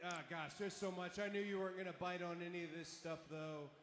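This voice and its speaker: A man cutting an arena wrestling promo over a handheld mic, mocking and emphatic, sometimes shouting. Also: high voice, fairly even intonation, a little fast. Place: large indoor arena. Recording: echoey arena broadcast audio with noise.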